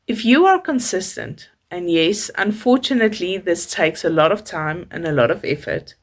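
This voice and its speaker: Calm South African mother, lively tone. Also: on the low side. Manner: calm, measured, advising. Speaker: parenting vlogger, mother of a toddler. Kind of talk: scripted parenting tips to camera.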